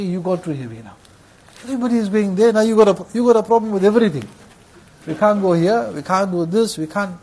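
A man's voice: high-pitched, darkish tone, slightly rough. A man preaching a sermon to his brothers, repeating phrases for emphasis.

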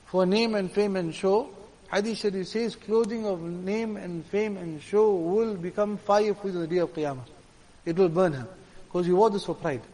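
A man's voice: high voice, a little mellow, in a large hall, rough recording. A man preaching a sermon in an earnest, emphatic way, hammering home points with repeated phrases. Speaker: religious preacher.

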